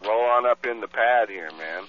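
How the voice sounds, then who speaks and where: A man's voice: fairly low pitch, moderate pace, lo-fi sound, over a noisy crowd. A man co-hosting a prank-call show in casual banter, with a drawling, folksy way of talking, calling in from a car. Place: in a car, driving home.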